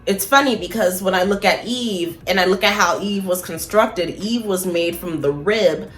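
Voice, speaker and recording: A woman talking casually and bluntly to camera, swearing freely, laughing at her own points and slowing down for emphasis. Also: mid-range voice. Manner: slows down for emphasis. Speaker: spiritual vlogger. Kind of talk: casual opinion monologue.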